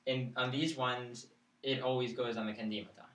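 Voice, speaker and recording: In a live-streamed classroom lesson, a chant teacher with a steady, medium-pitched and slightly bright voice explains things patiently at a moderate pace, checking in with students. His voice echoes around the room from a distant mic.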